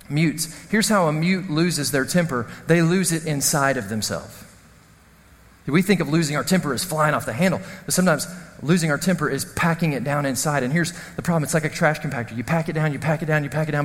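High-voiced pastor in a reverberant hall. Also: male voice. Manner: storytelling, animated, self-deprecating. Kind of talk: sermon.

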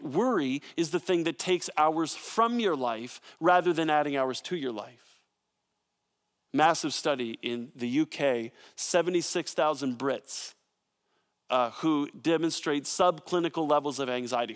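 A man preaching a sermon in an animated, conversational way, with frequent asides to his listeners. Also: on the high side. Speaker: pastor. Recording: long hall reverb.

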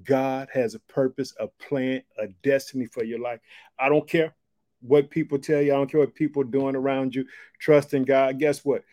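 Exhorting male preacher, warm dry voice. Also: medium pitch, level tone, normal speed, dry recording. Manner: repetitive call-and-response phrases, exclamatory. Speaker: podcast host and preacher. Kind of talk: encouraging sermon.

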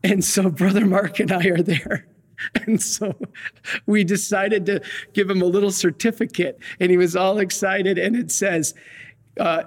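Guy priest chatting thru a sermon, tells little stories, jokes a bit, reverb-y room. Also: sits high. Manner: warm storyteller, folksy asides, light humor. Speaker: Catholic priest. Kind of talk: conversational sermon.

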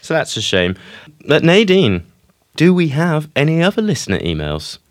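A man's voice: on the high side, huge pitch swings, normal speed, no room sound, clean studio sound. A man hosting a casual podcast, introducing segments and apologising in a wry, mock-serious way. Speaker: podcast host.

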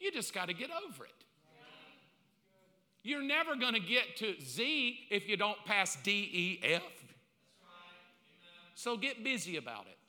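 A male pastor preaching a sermon in a blunt, animated way, acting out bits of dialogue as he goes. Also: sits high, unhurried, pauses often. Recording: long reverb of a large hall.

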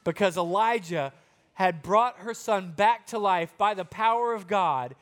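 A man with a very high voice tells a Bible story to a group of children. He keeps it chatty and playful and speaks straight to the kids as he goes. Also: measured pace, a bit bright.

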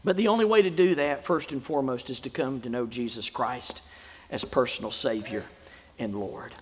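A male pastor preaching a sermon, building to emphatic bursts and easing into a soft, prayerful close. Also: mid-range voice, normal speed, husky. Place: church sanctuary. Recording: long hall reverb.

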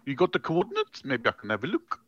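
A man's voice: medium pitch, wildly swooping pitch, fast, a bit bright, dry recording, dull audio. A man playing a tabletop character in a put-on South African accent, drawling and wheedling. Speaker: tabletop role-player. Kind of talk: in-character tabletop role-play.

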